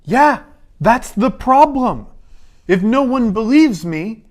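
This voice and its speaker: Guy playing a jittery young surveyor, stammery, slow-talking. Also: medium pitch, steady tone. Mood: exasperated pleading. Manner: hesitant, stammering, then pleading.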